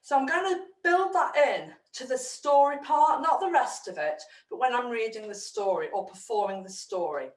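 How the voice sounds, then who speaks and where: A woman, a children's storyteller talking parents through her show in a chatty, animated way. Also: a little high, normal speed, few pauses. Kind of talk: explaining to parents. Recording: roomy, mic at a distance.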